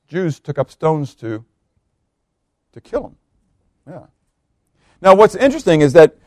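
A man preaching a verse-by-verse sermon, reading scripture aloud, swelling on key words and dropping low, often asking his listeners questions. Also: dry recording, clean studio sound. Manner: emphatic, swells on key words then drops low, asks the congregation questions. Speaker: pastor.

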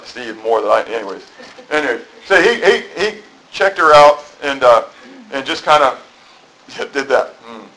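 A man's voice: medium pitch, a bit bright, low-quality recording. A middle-aged man preaching a sermon in a conversational, rambling way, full of asides. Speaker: pastor. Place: church.

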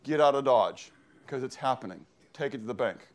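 With a medium-pitched, animated voice at a fairly quick pace, a male pastor preaches emphatically. He often poses questions to the congregation and then answers them himself, call-and-response style.

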